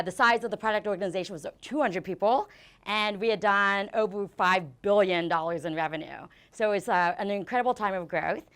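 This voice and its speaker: Fast-talking woman giving a conference talk. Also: medium pitch, a bit bright, clean tone. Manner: fast-talking with frequent fillers and restarts. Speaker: conference speaker. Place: conference venue before an audience.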